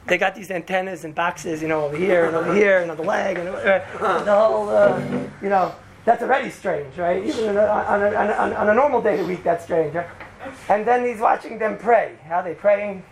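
A man giving an informal religious talk to a group, telling a rambling, animated story full of "right?" asides. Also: high voice, normal speed, creaky, a crowd in the background. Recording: noisy background hiss.

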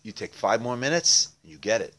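A man's voice: on the low side, very animated, brisk, bright, forceful tone. A man telling a Hasidic tale as a religious lesson, in a conversational way with frequent fillers. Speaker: storyteller.

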